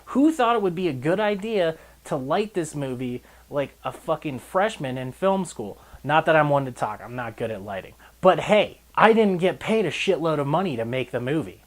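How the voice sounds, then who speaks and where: A man's voice: on the high side, big pitch swings, normal speed, hardly any pauses. A male reviewer talks casually through a film he dislikes. His delivery is sarcastic and exasperated, and his rants are broken up by laughter.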